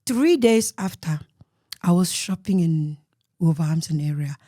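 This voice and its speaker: A woman with a Cameroonian accent telling her life story as an interview guest, earnest and emotional, often dropping to a soft murmur. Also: deep voice, animated, a little slow, dry recording, studio quality.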